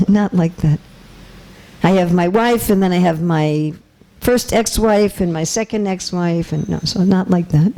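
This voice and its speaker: A woman's voice: on the low side, measured pace, warm tone. A woman giving a religious lecture to a live audience in a temple hall, chatty and teasing, often checking that listeners follow. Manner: light teasing humor. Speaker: visiting speaker.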